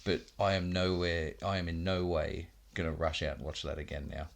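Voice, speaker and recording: Man, very low voice, rambling casual podcast chat, laughs a lot, swears freely. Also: flat delivery, fairly quick, vocal fry. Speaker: podcast co-host.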